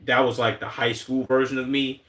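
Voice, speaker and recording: A man's voice: medium pitch, moderate pace. Profane man in his twenties. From Chicago, United States. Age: 20s. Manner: animated, profane, acts out quotes in put-on voices. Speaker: streamer reacting to videos. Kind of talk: casual livestream commentary. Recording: roomy echo.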